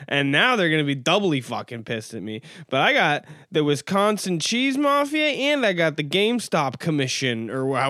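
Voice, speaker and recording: A man's voice: a little high, a bit bright, clean tone, dry recording, studio quality. A man hosting a podcast alone, rambling casually with lots of swearing and laughing at his own jokes. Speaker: podcast host. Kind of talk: casual solo podcast monologue.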